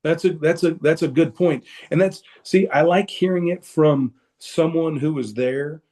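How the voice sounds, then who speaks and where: A man's voice: fairly high pitch, measured pace, darkish tone. A man telling a personal story as a guest in a casual, rambling way, with many restarts, over a video call. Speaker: guest speaker.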